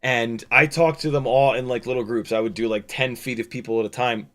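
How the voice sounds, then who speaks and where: A man's voice: mid-range voice, fairly even intonation, a little fast, fairly bright tone. A man talking casually on a livestream, rambling over his footage with lots of fillers, restarts and the odd swear. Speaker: drone pilot and streamer.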